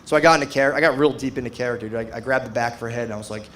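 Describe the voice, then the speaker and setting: Laid-back middle-aged stand-up comedian. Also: male voice, medium pitch, very fast, a bit bright. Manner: laid-back rambling storytelling with acted-out quotes. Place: comedy stage before a live audience.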